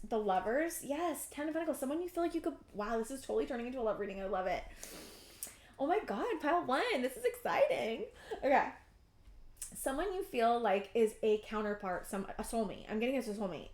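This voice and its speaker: Woman, 30s, tarot reader: gushing and effusive, somewhat high voice, roomy sound. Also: fast talker. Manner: excitable and effusive, lots of restarts and "I'm getting". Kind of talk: pick-a-card tarot reading to camera.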